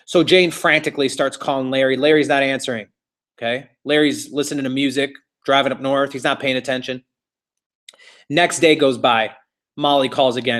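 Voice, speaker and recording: A man's voice: mid-range voice, normal speed, a bit bright. A man teaching a real estate class, telling a story in a casual, chatty, repetitive way.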